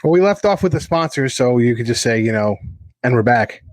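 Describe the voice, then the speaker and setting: A man co-hosting a casual podcast chat, talking in a brisk, blunt way and swearing casually. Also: mid-range voice, animated, darkish tone, no echo.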